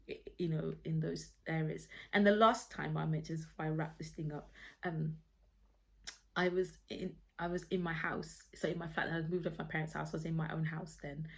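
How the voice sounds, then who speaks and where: A woman's voice: low voice, creaky. A woman sits at home recording herself on a phone, telling a faith story straight to camera. She speaks earnestly and rambles, often stopping and restarting mid-sentence. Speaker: vlogger sharing a personal testimony.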